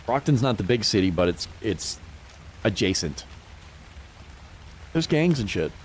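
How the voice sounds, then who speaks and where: A young livestreamer from New Hampshire chats casually while gaming, his lowish voice moving at a measured pace over slight background noise. He tells animated stories, swears freely and laughs often.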